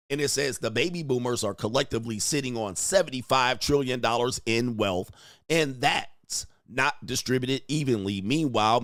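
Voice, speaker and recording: A man hosting a news commentary channel, reading headlines and reacting in an animated, slangy way, often quoting people in put-on voices. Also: medium pitch, dry recording, clean studio sound.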